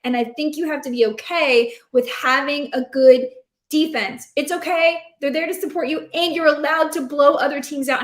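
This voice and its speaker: High-pitched lady talking fantasy football, lively and rambling, playful. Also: moderate pace. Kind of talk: casual sports chat. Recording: roomy echo.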